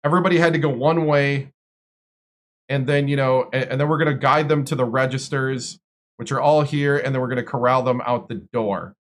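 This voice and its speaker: A man's voice: medium pitch, fairly even intonation, a little fast, a little hiss or hum. A man from Wisconsin, a streamer, telling long stories in casual chat with lots of fillers and restarts. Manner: rambling, filler-heavy storytelling.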